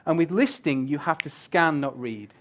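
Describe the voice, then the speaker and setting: Male guest speaker, slightly high voice, lively and joking, casual with swearing. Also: moderate pace. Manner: animated, swears casually, jokes with the crowd. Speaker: guest speaker on user experience design. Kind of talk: casual presentation talk. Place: event room with a live audience.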